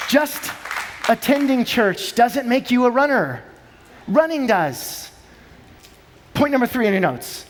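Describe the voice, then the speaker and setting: A man's voice: very high-pitched, very animated, normal speed, some chatter behind, a little hiss or hum. A male pastor preaching a sermon in a church sanctuary, emphatic and building rhetorical lists. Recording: long church hall reverb.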